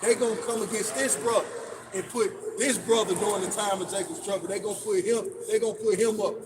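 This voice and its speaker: A man's voice: sits high, steady tone, fairly quick. A man leading a casual religious discussion in a preachy way, often repeating his words as he builds a point. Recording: noisy, distant mic.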